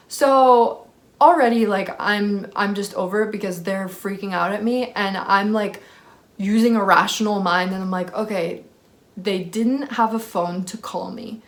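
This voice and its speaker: A woman's voice: mid-range voice, a little slow. A woman in her twenties telling a story time vlog in a casual chatty way, full of "like". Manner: casual, lots of filler "like", swearing. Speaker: vlogger.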